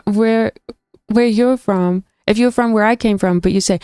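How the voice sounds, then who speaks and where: A woman's voice: mid-range voice, normal speed, mellow, dry recording, clean studio sound. A young woman streamer chatting casually with her viewers, opinionated and thinking aloud with frequent restarts. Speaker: gaming streamer. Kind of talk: casual chat reacting to stream chat. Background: faint stream background music.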